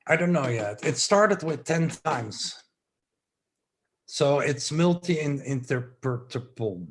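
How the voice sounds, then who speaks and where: A man from the Netherlands leading a guided breathing session, giving slow, soothing instructions with some relaxed, rambling asides. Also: fairly high pitch, slightly rough. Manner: relaxed, rambling, self-joking.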